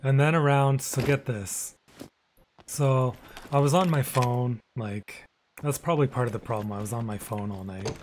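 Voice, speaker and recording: A man streaming a video game live, chatting casually with viewers, relaxed and rambling, often trailing off into quiet mumbles. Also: mid-range voice, normal speed, slight background noise.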